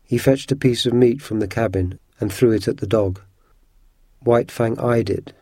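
Mellow, dry-voiced male storyteller. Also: medium pitch, no room sound. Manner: steady, measured reading of a children's adaptation. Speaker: narrator. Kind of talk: storybook reading.

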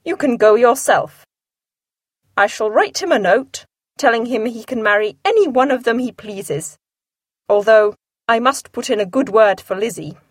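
A woman reading aloud, giving the lines of a dry, sarcastic older gentleman in a wry, understated tone. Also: fairly high pitch, animated, normal speed, no echo.

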